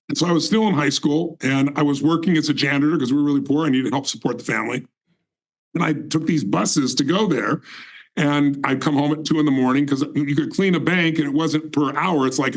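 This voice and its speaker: Male guest, 60s, gravelly, fairly high, emphatic motivational storyteller. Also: low-quality recording. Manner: emphatic, intense, certain.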